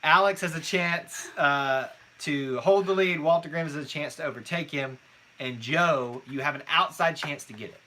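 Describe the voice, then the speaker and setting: A man's voice: on the high side, normal speed, pushed and bright, a little hiss or hum. A man co-hosting a live trivia night, reading out scores and teasing his co-host in a casual chat.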